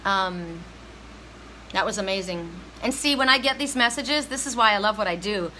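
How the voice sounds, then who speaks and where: A woman's voice: medium pitch, lively intonation, moderate pace, pushed and bright, slight background noise, poor audio. A middle-aged woman giving a heartfelt, emphatic spiritual reading to viewers on a live stream. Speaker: psychic reader.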